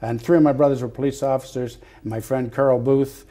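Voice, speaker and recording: An older man from Canada, a retired fire captain, telling stories as a guest in an interview, acting out the dialogue with loud animated bursts. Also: mid-range voice, fairly quick. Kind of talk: anecdotal interview storytelling. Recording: television studio interview.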